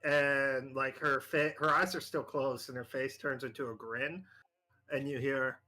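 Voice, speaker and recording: A man acting as game master, narrating a tabletop horror game in a halting way with many fillers. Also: medium pitch, level tone, bright, forceful tone.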